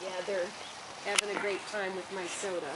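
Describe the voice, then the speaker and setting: A woman who breeds dogs, chatting casually about her puppies and cooing to them in soft baby talk. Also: medium pitch, level tone, normal speed. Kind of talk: casual home video narration. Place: puppy play area. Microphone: handheld home video camera held by someone else. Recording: noisy home video.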